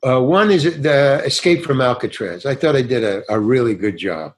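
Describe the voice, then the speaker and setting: An older man spins a long, rambling anecdote in a casual interview. He circles back and restarts his sentences, and now and then slips into acted snatches of dialogue. His voice sits at an ordinary, mid-range pitch for a man. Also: lively intonation, moderate pace. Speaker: guest actor.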